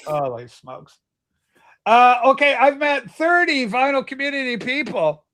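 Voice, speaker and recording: A man's voice: very high voice, normal speed, sharp tone. A man hosting a casual livestream chat, teasing and exclaiming as he talks. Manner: exclaims "holy smokes", teasing. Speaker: livestream host. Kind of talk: casual banter.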